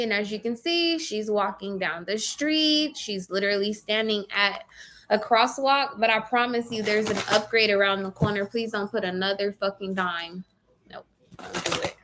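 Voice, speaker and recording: Woman tarot reader, casual live session; blunt, chatty, a bit high in pitch. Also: normal speed, fairly bright tone. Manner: chatty, blunt, swears casually, addresses viewers by name.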